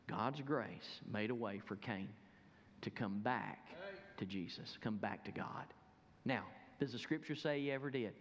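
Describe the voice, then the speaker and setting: A man preaching a sermon as a pastor, emphatic and urging, dropping to a hush for prayer. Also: on the low side, unhurried, long reverb tail, highs cut off. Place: church sanctuary.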